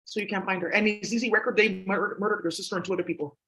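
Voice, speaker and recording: A man's voice: sits high, steady tone, very fast, a bit bright, low-quality recording. Rambling, profane man. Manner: profane, scattered, conspiratorial. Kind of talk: rambling casual monologue.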